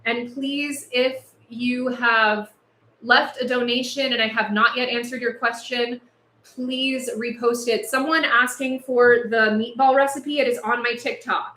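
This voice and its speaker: A woman with a slightly high voice hosts a casual livestream, talking with passion and laughing between points. She is overheated and sounds it. Her voice echoes in a bare room. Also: steady tone, measured pace, sharp tone. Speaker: livestream host. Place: house with no air conditioning.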